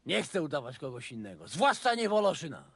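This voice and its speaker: A man's voice: on the high side, big pitch swings, fast talker, gravelly, a bit bright, breathy edge, no echo, exaggerated voice. An actor playing a surly, foul-mouthed male soldier in a game who grumbles with open contempt. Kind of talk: game voice acting.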